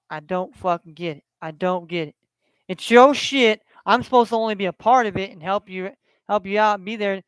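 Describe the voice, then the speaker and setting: A middle-aged man hosting a solo sports stream, his voice pitched high and resonant. He talks bluntly, swears freely and repeats himself. The sound is close and dry, with no room echo. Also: fairly bright tone, clean tone. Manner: profane, blunt and repetitive, heated when passionate. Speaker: sports livestream host. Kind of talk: solo livestream rant and score updates.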